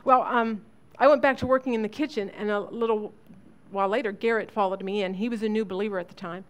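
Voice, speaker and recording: A woman teaching other women in a sermon, telling a family story earnestly, with halting restarts. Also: medium pitch, fairly even intonation. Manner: earnest storytelling, acts out quoted voices.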